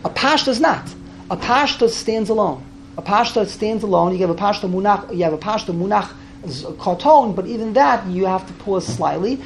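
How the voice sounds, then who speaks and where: A man's voice: high voice, fairly quick, creaky, a little hiss or hum. Guy teaching torah reading to a small group, repeats himself a lot, trips over words. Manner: repeats words, restarts, demonstrates chanting. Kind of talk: informal class discussion.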